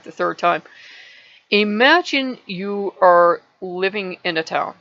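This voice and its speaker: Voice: mid-range voice, bright, forceful tone, lo-fi sound. A channel host telling a parable in a casual vlog, rambling and restarting words often.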